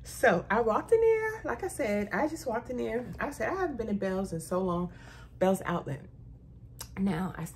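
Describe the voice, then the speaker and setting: A middle-aged woman chatting casually to camera about a shopping haul, an animated storyteller who often says "y'all.". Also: medium pitch, slight background noise. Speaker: haul vlogger.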